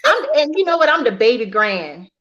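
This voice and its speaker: A woman's voice: on the high side, sing-song, a little fast, fairly bright tone. A woman guest on a live online show, chatting casually and praising the host with emphatic encouragement. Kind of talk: casual live-stream chat. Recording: slightly dull lo-fi audio.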